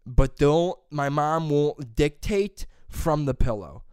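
A young man chatting casually as a podcast co-host, swearing freely and breaking into loud high-pitched impressions. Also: animated, slow, smooth, no echo, studio quality. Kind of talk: casual chat.

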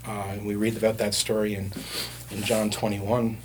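A man's voice: lowish voice, level tone, moderate pace, a little hiss or hum. A man preaching a sermon in a conversational way, with frequent fillers and restarts. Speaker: pastor.

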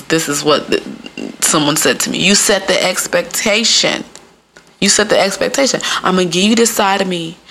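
A young adult woman hosting a podcast alone, talking in a casual, animated and profane way and laughing often. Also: lowish voice. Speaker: podcast host. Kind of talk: casual solo podcast monologue.

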